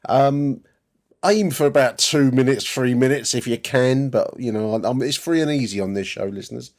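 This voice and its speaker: A man's voice: mid-range voice, normal speed, darkish tone. A man hosting a football podcast, chatting in a rambling, friendly way to his listeners. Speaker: podcast host. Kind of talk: casual podcast talk.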